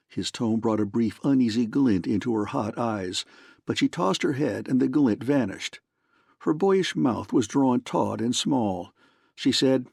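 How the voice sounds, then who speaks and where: A man narrating an audiobook in even, measured scripted narration. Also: mid-range voice, gravelly, breathy edge, no room sound, studio quality.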